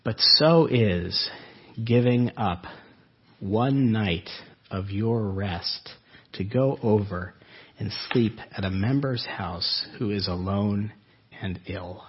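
Guy preaching a sermon, kinda husky, talks like he's chatting, lots of "isn't that true?" questions, dull lo-fi sound. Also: lowish voice, slow pace. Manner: conversational, asks the congregation rhetorical questions. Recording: dull lo-fi recording.

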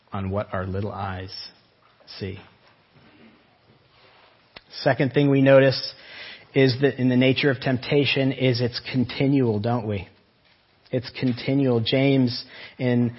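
A man's voice: medium pitch, breathy edge. A man preaching a sermon in an earnest way, often asking rhetorical questions. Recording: dull lo-fi recording.

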